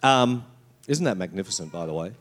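A middle-aged male pastor preaching a sermon, animated and conversational, with mocking quoted asides. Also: low voice, brisk.

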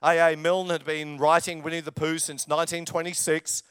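An older English-born man preaching with a smooth, clear voice pitched a little high. He tells jokes and personal stories to his congregation, and his voice sounds close and dry. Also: little pitch movement, moderate pace, a bit bright, no echo. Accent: English, lives in Australia. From England. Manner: humorous storytelling, jokes with audience. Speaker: pastor. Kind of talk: sermon with personal anecdotes.

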